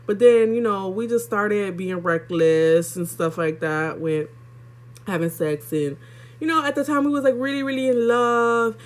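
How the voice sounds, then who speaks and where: A woman's voice: medium pitch, steady tone, measured pace. Candid young woman chatting to viewers. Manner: candid and chatty, talks to viewers directly, with lots of fillers. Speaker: vlogger. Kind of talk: casual storytelling vlog.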